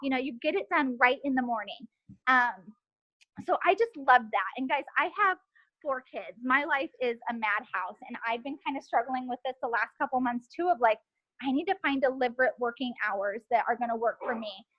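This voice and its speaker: A woman's voice: high voice, lively intonation, normal speed, lo-fi sound. A woman in her thirties and mother of four, talking casually and upbeat to her team on a group call, with many fillers. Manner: chatty, upbeat, filler-heavy. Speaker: team leader.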